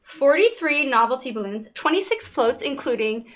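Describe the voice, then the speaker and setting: A high, bright-voiced woman in her thirties, co-hosting a relaxed TV review chat. She gushes over episodes and drops into characters' lines while recapping. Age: 30s. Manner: animated, gushing, quick to act out characters' lines. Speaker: co-host of a TV talk podcast. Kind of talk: casual chat reviewing TV shows.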